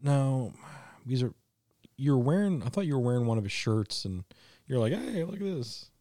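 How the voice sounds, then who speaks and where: A man in a casual podcast chat, talking quickly and joking around. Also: medium pitch, lively intonation, mellow, dry recording, clean studio sound. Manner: quick, joking, laughs easily.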